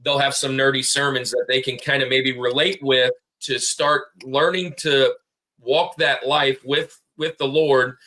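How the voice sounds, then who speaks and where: A man's voice: medium pitch, fairly even intonation, unhurried, sharp tone. A man co-hosting a casual podcast, rambling and laughing as he tells stories. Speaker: podcast co-host.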